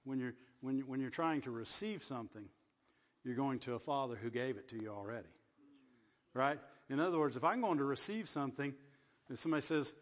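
A man's voice: mid-range voice, brisk. A man preaching a sermon, often repeating words and asking the congregation "right?". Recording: dull sound, long hall echo.

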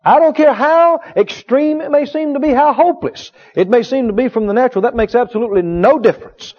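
Male preacher, high voice, emphatic and repetitive, sermon, muffled lo-fi recording. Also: fairly quick, darkish tone. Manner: emphatic, repetitive, call-and-response with the congregation. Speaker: healing school teacher and preacher. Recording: dull lo-fi sound.

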